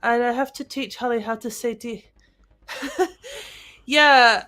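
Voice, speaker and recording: A woman's voice: fairly high pitch, slow pace, sharp tone. A woman with a Yorkshire accent co-hosting an esports race stream, bantering playfully in casual chat. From Yorkshire, England.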